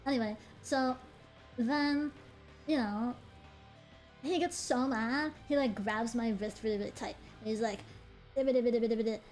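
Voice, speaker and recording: Her voice slightly high, a young female streamer chats casually and spins a story with lots of animation. Swearing comes freely, along with quick bursts of laughing commentary, while faint music plays beneath.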